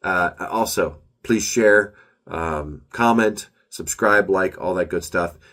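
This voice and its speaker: A man's voice: low-pitched, slow pace, a bit bright. A man talking casually through his weekly author update, rambling and upbeat with frequent self-corrections, his voice a little nasal as he gets over a cold and allergies. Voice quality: slightly nasal.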